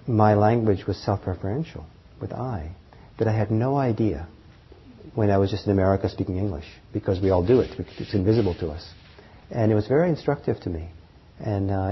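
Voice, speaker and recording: A man teaches a meditation class in a very breathy, husky voice pitched somewhat low. He talks gently and haltingly, with fillers and soft laughs. The recording is dull and muffled. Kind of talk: dharma talk to a class.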